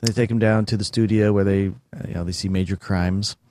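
A man's voice: fairly low pitch, steady tone, brisk, darkish tone, no echo. A man in casual podcast chat, telling long stories with many fillers and restarts.

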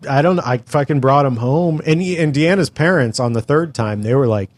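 Exasperated and swearing throughout, a middle-aged man from California tells a long story as a podcast co-host in casual chat. He speaks at medium pitch and normal speed, and the recording is dry.

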